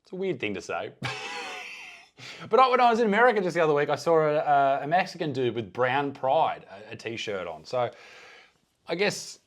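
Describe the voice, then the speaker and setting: An Australian man gives casual reaction commentary on videos, sarcastic and deadpan with heavy swearing. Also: fairly high pitch, moderate pace, pauses often.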